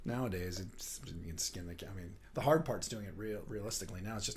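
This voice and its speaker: A man's voice: low-pitched, fast, slight background noise. A middle-aged man, a puppetry writer and director, chatting as an interview guest in a rambling way, often restarting his sentences. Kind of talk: casual interview talk.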